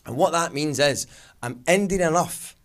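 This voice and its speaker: A man with a Glaswegian accent performing stand-up comedy, telling a story in an animated, fast-paced way. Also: fairly high pitch.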